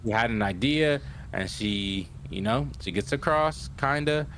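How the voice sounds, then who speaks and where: A young man co-hosting a podcast casually recaps an anime episode, speaking a little slowly in a mid-range voice over slight background noise. He animatedly acts out the characters' lines with "yo" and keeps checking in with "right?"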